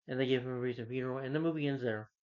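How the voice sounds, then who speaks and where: Man, movie reviewer, rambling casual recap, filler-heavy, mid pitch, dull lo-fi recording. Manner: rambling, full of "like" and "you know".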